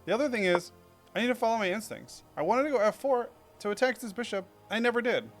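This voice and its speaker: A man's voice: high voice, quick pace, faint music behind. A young man casually reviewing his own chess game in a rambling, self-critical way, full of fillers.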